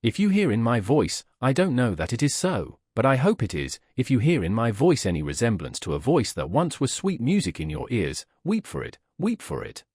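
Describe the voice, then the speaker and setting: A man voicing a tender, pleading young woman in an audiobook, speaking softly and imploringly. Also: mid-range voice, wildly swooping pitch, normal speed, few pauses, breathy edge, no room sound, clean studio sound.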